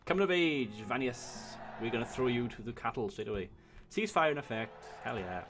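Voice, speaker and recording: A man gives excitable gameplay commentary, swearing often and talking to himself as he plays. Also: mid-range voice, fairly quick, over music. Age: 20s. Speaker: let's play host.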